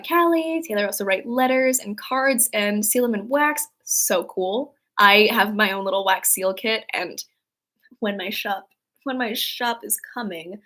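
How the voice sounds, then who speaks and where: A woman's voice: fairly high pitch, creaky. A woman hosting a casual livestream, rambling with many fillers and restarts as she reads out chat messages. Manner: worries her flat delivery sounds sarcastic. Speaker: livestream host reading chat.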